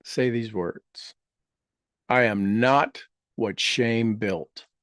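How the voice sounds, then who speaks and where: A man leading a guided meditation, speaking affirmations slowly and gently, repeating each phrase with soft trailing endings. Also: fairly low pitch, dry recording, clean studio sound. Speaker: meditation leader.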